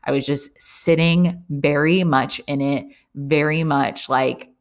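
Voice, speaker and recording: A woman's voice: sits low, fairly even intonation, slow. A young woman hosting a podcast, talking candidly in a casual, rambling way, full of fillers and swearing. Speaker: podcast host. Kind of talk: casual personal monologue. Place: lives abroad, talking to listeners.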